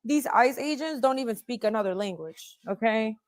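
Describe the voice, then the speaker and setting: A woman's voice: fairly high pitch, expressive, normal speed. A woman guest in a casual chat, telling a story in a chatty, giggly way.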